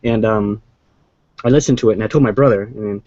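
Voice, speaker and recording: A man's voice: on the low side, fast talker, muffled recording, noisy background. Rambling man chatting about movies. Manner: rambling, hesitant with restarts. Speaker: co-host. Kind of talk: casual movie chat.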